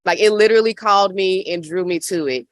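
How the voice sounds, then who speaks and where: A woman's voice: mid-range voice, fast, no echo. A woman in her thirties with a Southern accent from Memphis, speaking passionately on a panel with a rhythmic, preacher-like cadence. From Memphis, Tennessee. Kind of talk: panel discussion. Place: outdoor hoop house on a farm.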